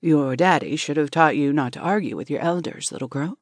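A woman voicing a confident, silver-haired older man who speaks gently and softly in a storybook reading. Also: animated, brisk, no room sound, clean studio sound, natural voice. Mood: gentle. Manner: gently corrects, soft and low.

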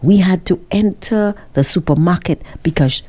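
Low-voiced woman telling a dramatic story. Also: moderate pace, breathy edge. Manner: dramatic, animated retelling. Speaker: vlogger working with a cameraman. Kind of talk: casual storytelling to viewers.

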